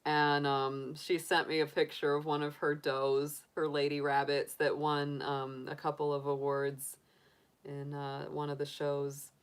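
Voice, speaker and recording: A middle-aged woman with a low voice chats easily with her livestream viewers. She rambles warmly between topics, laughing often and restarting her sentences as she goes. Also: completely flat delivery, a little slow, clear, resonant tone. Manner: chatty and giggly, with frequent laughs and restarts. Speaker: tarot reader livestream host. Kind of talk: casual chat answering live viewers.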